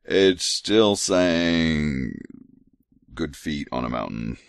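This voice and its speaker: A podcast host with a smooth, bass voice and vocal fry speaks extremely slowly and expressively, with no echo. He reads scripture aloud in a mock-solemn tone, then breaks off for sarcastic, irreverent, mocking commentary between readings in this comedic segment.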